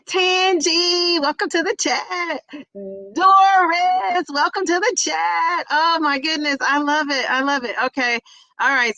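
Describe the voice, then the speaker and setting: A woman's voice: on the high side, bright, forceful tone, dry recording. A middle-aged woman hosting a casual livestream, chatty and laughing often as she greets viewers by name. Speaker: livestream host reading chat. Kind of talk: casual live chat.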